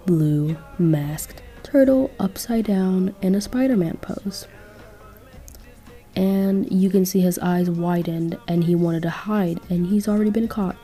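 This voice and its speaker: A woman's voice: on the low side, mellow. A woman narrating a casual fan-fiction story, chatty and rambling, often correcting herself.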